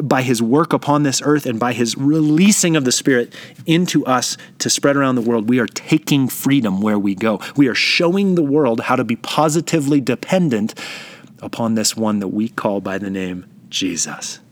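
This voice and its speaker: A man preaching a sermon, reflective and emphatic, slowing down to stress key phrases. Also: medium pitch, animated, no room sound.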